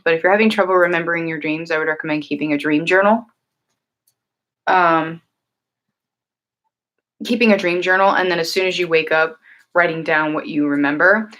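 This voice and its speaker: Woman with a lowish voice, hosting a home livestream; casual and earnest, loose rambling delivery. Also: fairly bright tone. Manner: earnest, rambling, many fillers and restarts. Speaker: livestream host and tarot reader. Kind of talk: casual livestream chat answering viewers.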